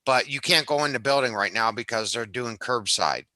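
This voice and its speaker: Guy with a really bright edgy voice, tells stories loose and laughing, dry sound. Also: mid-range voice, expressive, normal speed, no echo. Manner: loose anecdotal storytelling with laughs. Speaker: panel guest. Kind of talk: casual panel chat.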